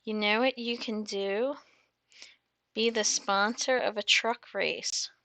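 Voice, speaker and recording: A woman's voice: medium pitch, steady tone, takes it slowly, pushed and bright, no room sound. A woman trucker chatting casually on a livestream, reading viewer comments aloud, bubbly and full of fillers and laughs. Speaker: trucker hosting a live chat.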